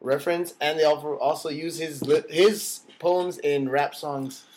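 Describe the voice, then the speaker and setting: A man's voice: on the high side, steady tone, unhurried, darkish tone, slight background noise. A young man co-hosting a casual podcast, laughing easily and rambling through his points. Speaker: podcast co-host.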